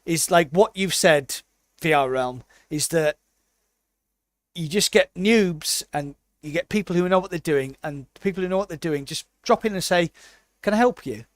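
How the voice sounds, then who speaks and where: A British man co-hosting a casual podcast, telling a lively anecdote and briefly putting on the voices of the people in it. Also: fairly high pitch, no echo, studio quality. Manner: animated storyteller, puts on quick voices for people he quotes. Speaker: podcast co-host.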